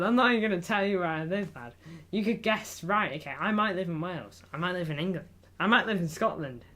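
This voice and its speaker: A man's voice: high-pitched, pushed and bright. A man streaming live about football in a casual, jokey way, reading viewers' messages aloud and calling them lad, in front of a green screen indoors. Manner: chatty, jokey, reads chat aloud, calls viewers lad.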